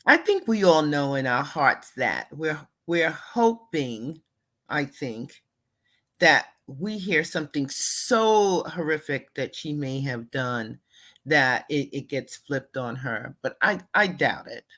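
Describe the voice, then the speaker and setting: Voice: mid-range voice, animated, takes it slowly, pushed and bright. A talk-show co-host chatting casually, agreeing readily and restarting sentences. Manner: agreeable, hesitant restarts, says absolutely.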